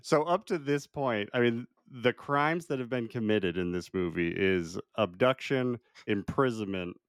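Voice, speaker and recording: A man with a mid-range voice recaps a film's plot in a relaxed podcast chat, laughing often and stumbling over his restarts. The sound is close and dry. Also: medium pitch, a little slow, no room sound. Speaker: podcast co-host. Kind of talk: casual movie discussion.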